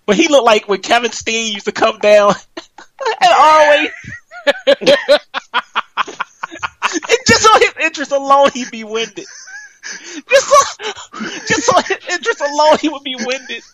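A woman co-hosting a casual reaction chat, laughing and expressive. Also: high-pitched, normal speed. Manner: laughs through speech, expressive and animated. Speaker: co-host reacting to a clip.

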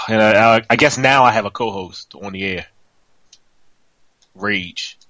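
A man's voice: lowish voice, takes it slowly, sharp tone, no echo, poor audio. A man hosting a podcast, ranting in exasperation, swearing and laughing as he waits for his co-host. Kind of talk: profane comedic podcast rant.

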